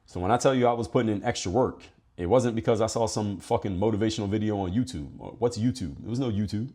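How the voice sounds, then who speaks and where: A man's voice: lowish voice, mellow. A man from Philadelphia hosting a podcast, giving a blunt, profane motivational monologue. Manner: profane, direct, fast-talking. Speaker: podcast host.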